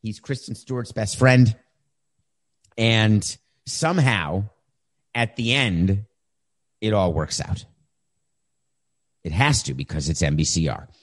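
A man's voice: lowish voice, expressive. Wry, emphatic man hosting a monologue. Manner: wry, emphatic, shifts between quick asides and slow deliberate points. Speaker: show host. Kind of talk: monologue commentary. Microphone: camera setup.

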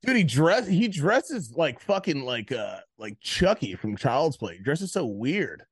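A man's voice: on the high side, a little slow, slightly rough, dry recording, clean studio sound. A man co-hosting a podcast in casual banter, swearing freely and acting out the people he talks about. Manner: swearing, animated, mimics people mid-story. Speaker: podcast co-host.

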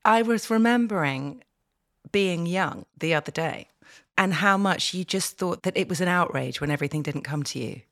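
Reflective middle-aged woman, lowish voice. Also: lively intonation, normal speed, fairly bright tone. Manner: reflective, laughs often, rambling restarts. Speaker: podcast guest. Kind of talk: casual chat.

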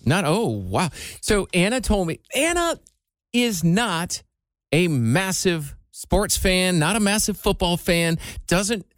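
Lively, teasing male radio host. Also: high voice, takes it slowly, no echo, clean studio sound. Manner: teasing, lively, easily hyped. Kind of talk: casual radio show banter.

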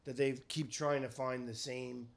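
A man's voice: medium pitch, flat delivery, a little slow. A man co-hosting a casual podcast, talking eagerly and rambling. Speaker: podcast co-host. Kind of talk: casual chat.

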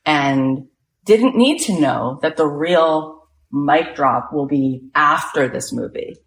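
A woman telling a story in an animated way, acting out the voices of the people in it and building to excited emphasis. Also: sits low, slow pace. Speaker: speaker retelling a story.

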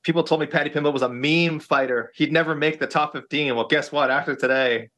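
A man's voice: a little high, steady tone, brisk, fairly bright tone. A man joining a watch party remotely, breaking down the fight and making dry jokes. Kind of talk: casual live fight-watching commentary.

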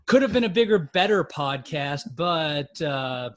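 A man appearing as a guest on a casual sports podcast, relaxed and joking about himself. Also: fairly high pitch, a little slow. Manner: relaxed, self-deprecating humor.

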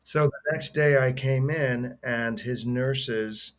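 A middle-aged man talks as a podcast guest at a mid-range pitch. He tells his stories earnestly and from the heart, rambling and restarting his sentences as he goes. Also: slow. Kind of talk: conversational storytelling.

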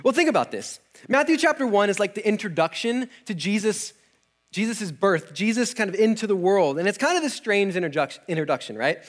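A man's voice: sits high, very animated, fairly quick. A young adult man preaching, retelling a scripture story casually with slang, laughs and acted-out character lines.

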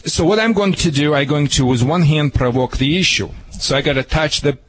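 A man's voice: on the high side, fairly quick, husky, rough recording. Punchy Russian-accented male dog trainer. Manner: animated, punchy, repeats key phrases. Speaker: dog trainer answering a caller. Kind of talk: radio advice talk. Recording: radio broadcast.

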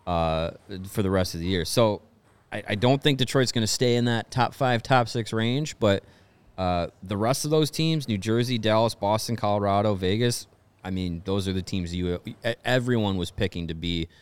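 A man's voice: fairly low pitch, normal speed, clean tone. A man co-hosting a casual sports podcast, making dry, wry remarks. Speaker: podcast co-host.

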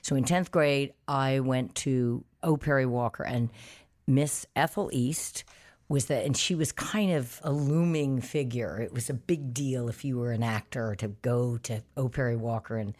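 A middle-aged woman from New Orleans talks as an interview guest. She is expressive and laughs often, and she acts out the voices of people she quotes. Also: a bass voice, unhurried. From New Orleans, USA. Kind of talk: casual interview chat.

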